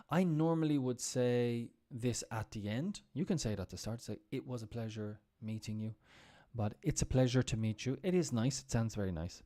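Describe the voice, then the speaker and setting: A man's voice: medium pitch, moderate pace. A man teaching English on a live stream, explaining phrases with examples and trying out how they sound. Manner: relaxed explaining with examples, some restarts. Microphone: computer mic on a live stream.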